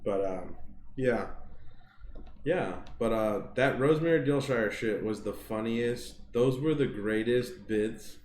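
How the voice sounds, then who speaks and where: Slow and a little mellow at medium pitch, a man co-hosts a podcast, rambling casually with lots of fillers and swearing. The room is echoey, with a little hiss or hum.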